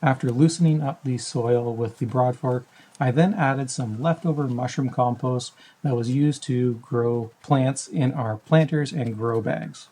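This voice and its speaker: Man reading a calm voice-over. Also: medium pitch, a little slow, hardly any pauses, breathy edge, rough recording. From Canada. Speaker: backyard farming channel host. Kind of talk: scripted voice-over narration.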